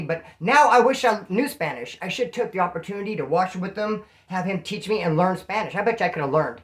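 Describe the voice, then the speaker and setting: Fast-talking man telling prison stories. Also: sits high. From Bakersfield, California. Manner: rapid, animated street slang. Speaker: storyteller. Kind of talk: casual prison storytelling.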